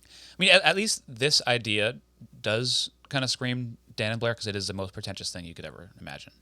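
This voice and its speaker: Podcast guy, lowish voice that bounces all over, dry sarcastic jokes. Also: animated, fairly quick, bright, forceful tone, dry recording. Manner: wry jokes, laughs at co-host. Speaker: podcast co-host. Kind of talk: casual recap chat.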